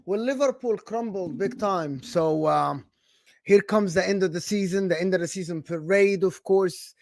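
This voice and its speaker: A young man with an Egyptian accent hosting casual football talk, animated and sarcastic, slipping into Arabic phrases. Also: sits high, normal speed, vocal fry, dry recording, studio quality. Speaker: football channel host.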